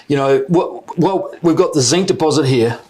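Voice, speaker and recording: A man's voice: fairly high pitch, normal speed, a little mellow, slightly rough. A man with a New Zealand accent, a mining company chief executive, explaining plans in an investor interview, often repeating words as he restarts.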